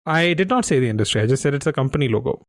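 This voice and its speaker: A man's voice: mid-range voice, animated, racing, no echo, studio quality. Teasing man running a quiz podcast. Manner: teasing, explanatory quizmaster. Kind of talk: casual chat.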